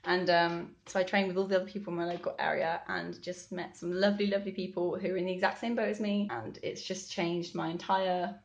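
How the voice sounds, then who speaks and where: A woman's voice: lowish voice, little pitch movement, fairly quick, vocal fry, hardly any pauses. A young woman chatting candidly in a video diary about her weeks abroad, laughing now and then and using lots of "like" and "um". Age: young adult. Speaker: vlogger, language assistant abroad.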